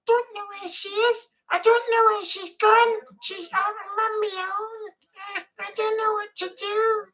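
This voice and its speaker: A woman's voice: steady tone, unhurried, sharp tone, heavily acted. A woman doing an impression of a childish, fretful man on the phone who has lost his mum. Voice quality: high, whiny, fretful.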